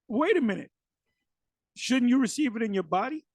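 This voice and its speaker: A man giving ranting religious commentary on clips, animated and mocking, with many fillers. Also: high-pitched, moderate pace, dry recording, low-quality recording.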